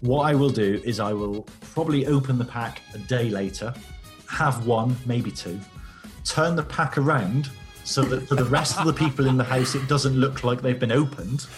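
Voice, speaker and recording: A man's voice: mid-range voice, normal speed, soft background music. A man telling a wry, detailed anecdote as a guest in a recorded clip.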